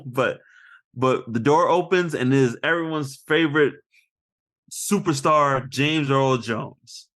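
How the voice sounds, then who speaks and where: A man co-hosting a casual movie review podcast, animated and laughing often as he acts out scenes. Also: mid-range voice, takes it slowly. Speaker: podcast co-host.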